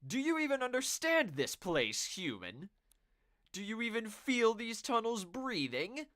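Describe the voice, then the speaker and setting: A sly, mocking fairy trickster voiced by a man as he reads a game aloud, pitched well up and swooping through a lively, bright tone. The theatrical reading sits a little back from the mic, unhurried and teasing. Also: dry recording, studio quality, full character voice. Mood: taunting.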